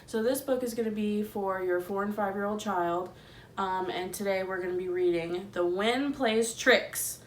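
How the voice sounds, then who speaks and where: A woman teacher reading a picture book aloud to young children, gentle and expressive, asking them questions. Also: medium pitch, moderate pace, a little hiss or hum.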